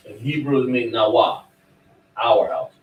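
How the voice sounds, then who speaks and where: A man's voice: mid-range voice, steady tone, a little slow, lo-fi sound. A man teaching a class, preaching emphatically and quizzing his students. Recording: echoey room, mic far off.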